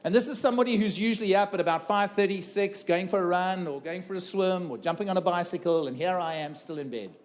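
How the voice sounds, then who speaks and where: A man's voice: high voice, quick pace, few pauses. A middle-aged man gives an earnest keynote talk to a live audience about his own life. He repeats phrases for emphasis and asks the audience questions. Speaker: keynote speaker. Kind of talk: personal story told to a live audience. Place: conference room before a live audience.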